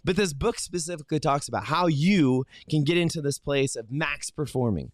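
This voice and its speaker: Male host, morning motivational show, animated and high-ish, energetic, dry close sound. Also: normal speed, no room sound. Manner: energetic, talks straight to viewers with many fillers and restarts.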